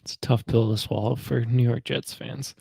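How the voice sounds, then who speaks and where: A man co-hosting a sports podcast, answering calmly and briefly in casual chat. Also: medium pitch, normal speed, gravelly, slightly rough, dry recording, studio quality. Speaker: podcast co-host.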